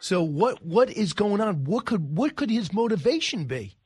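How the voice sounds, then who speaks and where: A man's voice: sits high, sing-song, normal speed, a little mellow, slightly rough, dry recording, clean studio sound. A middle-aged man hosting a talk radio show, pressing his guest with emphatic, indignant questions. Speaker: radio host.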